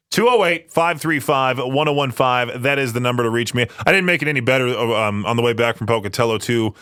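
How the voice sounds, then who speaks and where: A man's voice: mid-range voice, a bit bright, no echo, clean studio sound. Chatty young male radio DJ. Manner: chatty and rambling, laughs often. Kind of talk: casual radio chat. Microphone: studio microphone.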